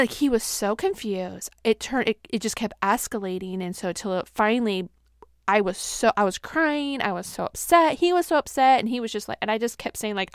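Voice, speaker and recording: A woman's voice: mid-range voice, no echo, studio quality. Candid woman telling personal stories. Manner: candid storyteller, acts out quotes with bursts of speed. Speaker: podcast host. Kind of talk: personal reflective talk.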